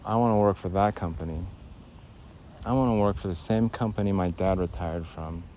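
Man, low voice, rambling comic storytelling, self-correcting, faint background hum. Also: normal speed, warm tone. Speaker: comedian host.

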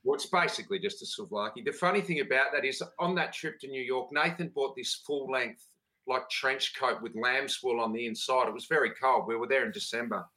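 A man's voice: mid-range voice, a little fast, pushed and bright, rough recording. An Australian man hosting a casual chat, telling food stories with laid-back enthusiasm. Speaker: podcast host.

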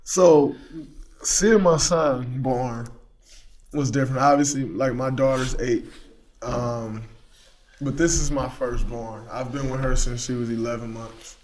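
A man in casual chat, telling stories with animated energy and acting out his own shouts. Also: mid-range voice, measured pace. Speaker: guest, pro athlete.

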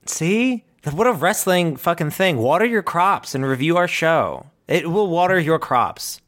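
A man co-hosting a podcast in casual chat, animated and swearing freely. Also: fairly high pitch, moderate pace. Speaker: podcast co-host.

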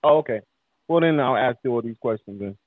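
A man hosting a podcast, asking his guests questions in a quick, conversational way. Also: mid-range voice, lively intonation, dry recording. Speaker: podcast host. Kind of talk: casual interview chat. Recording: tinny phone-like line.

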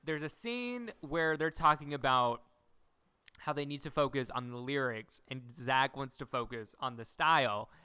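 A man's voice: medium pitch, moderate pace, clear, resonant tone. A young man co-hosting a podcast, casually recapping a TV episode and acting out the characters' lines as he retells it. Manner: animated storyteller acting out quotes. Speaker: podcast co-host.

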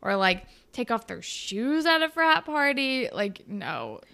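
A woman's voice: on the high side, slow pace, gravelly, a little hiss or hum. A young woman chatting casually as a podcast co-host, swearing freely and acting out characters' lines as she recaps. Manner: profane, animated, acts out characters' lines. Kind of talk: casual chat recapping a TV show.

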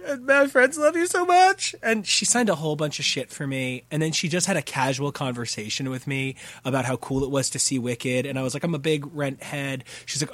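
A man co-hosting a podcast, telling a story in an animated, excitable casual chat. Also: mid-range voice, dry recording. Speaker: podcast co-host.

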